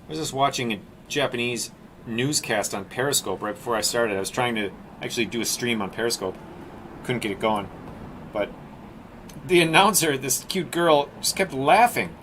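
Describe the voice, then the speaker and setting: A man's voice: medium pitch, normal speed, fairly bright tone, a little hiss or hum. Rambling jokey man painting on a live stream. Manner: rambling, jokey, talks to viewers as "team". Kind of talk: casual live-stream chat while painting.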